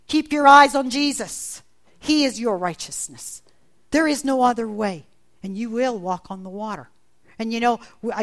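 A woman preaching a sermon, animated, acting out the voices in the Bible story she retells. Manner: animated, acts out voices in quotes with big pitch jumps.

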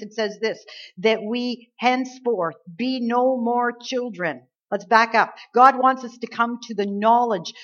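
A woman's voice: medium pitch, fairly bright tone, highs cut off. A woman preaching a sermon, earnest and emphatic, quoting scripture and building to stressed points.

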